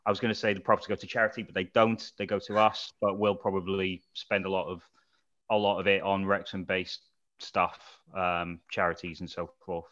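Dry-joking podcast host with muffled sound. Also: male voice, low voice, little pitch movement, fairly quick, fairly bright tone. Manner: dry, joking, wraps up the chat. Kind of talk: casual football fan chat. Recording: dull lo-fi recording.

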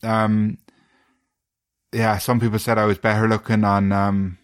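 An Irish man hosting a podcast, trading casual banter with dry, deadpan self-mocking jokes. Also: lowish voice, a little slow, smooth. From Ireland. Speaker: podcast host.

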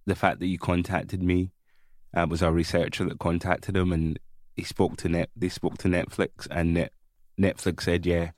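A man, a filmmaker guest, chatting casually in an interview and getting animated as he tells stories. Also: low voice, moderate pace, no room sound, studio quality. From Kenya. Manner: animated, repeats words when excited.

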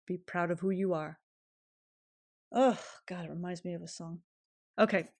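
Solo podcast host, female, lowish voice, earnest and emphatic, a little shaky with feeling, close dry mic. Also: moderate pace, long pauses, a little mellow, no room sound. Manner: earnest, emphatic, self-affirming; voice shaking with emotion. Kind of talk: reflective solo podcast monologue.

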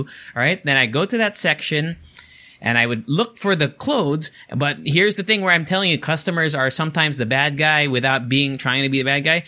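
A man's voice: on the high side, expressive, a little fast, pushed and bright. A young man, telling a story in casual, rambling talk full of swearing and fillers.

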